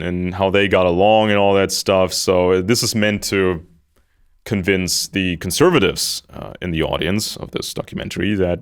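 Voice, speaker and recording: A man's voice: sits low, smooth. A man giving spoken political commentary, mocking others in put-on quotes.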